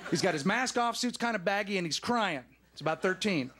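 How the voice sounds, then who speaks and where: High-voiced animated male comedian. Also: fairly quick, heavy background noise. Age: 30s. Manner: animated, emphatic storytelling with punchy asides. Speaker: stand-up comedian. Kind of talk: stand-up comedy set. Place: studio stage before a live audience.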